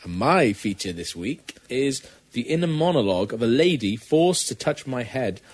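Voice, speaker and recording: A man's voice: medium pitch, sing-song, moderate pace, husky. A man co-hosting a comedy podcast, chatting casually and giggling. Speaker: podcast co-host.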